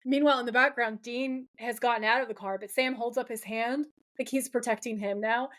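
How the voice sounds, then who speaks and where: Recapping a TV episode on her podcast, a woman co-host chats casually and animatedly, acting out what the characters say. She talks briskly in a slightly high voice.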